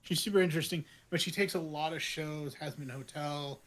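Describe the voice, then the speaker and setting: A man co-hosting a podcast, telling stories in an excitable, rambling way, full of fillers and restarts. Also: fairly high pitch, fairly quick, crowd noise. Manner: excitable storytelling, many fillers and restarts, laughs often. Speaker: podcast co-host. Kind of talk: casual chat.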